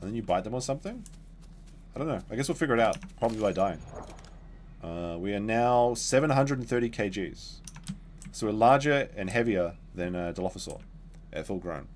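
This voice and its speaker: A man's voice: fairly low pitch, expressive, a little fast, slight background noise. A man streaming a dinosaur game, rambling casually to his chat while he plays. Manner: rambling, chatty, talks to chat while playing. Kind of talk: casual gameplay commentary.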